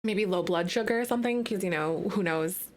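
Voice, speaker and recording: A woman's voice: medium pitch, brisk, a little hiss or hum. A woman streaming a life-sim game, chatting to her viewers in a loose, filler-heavy way. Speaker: gaming streamer. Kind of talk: live-streamed gameplay commentary.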